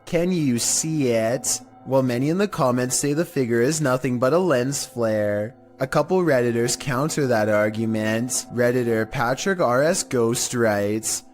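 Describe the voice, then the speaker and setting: Male narrator, flat monotone read, mid pitch, faint music beneath, scripted countdown voice. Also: moderate pace, hardly any pauses. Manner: monotone delivery. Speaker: narrator of creepy video countdowns.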